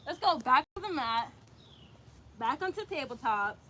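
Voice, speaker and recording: A woman's voice: high voice, animated, moderate pace, fairly bright tone, a little hiss or hum. A young woman teaching an outdoor yoga flow, cueing breaths and poses with chatty, slangy asides to her viewers. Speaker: yoga instructor. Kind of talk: guided yoga instruction. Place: outdoors in light rain.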